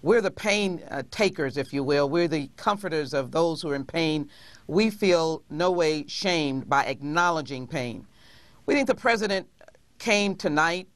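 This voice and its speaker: A woman speaking as a congresswoman in a TV interview, measured and pausing often with hesitations. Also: low-pitched, dry recording. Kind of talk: TV interview guest.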